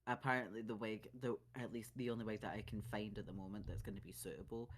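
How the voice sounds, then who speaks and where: A tired British man chatting casually late at night, relaxed and prone to laughing and swearing. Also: on the low side, fast. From United Kingdom. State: tired, yawning. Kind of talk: casual chat.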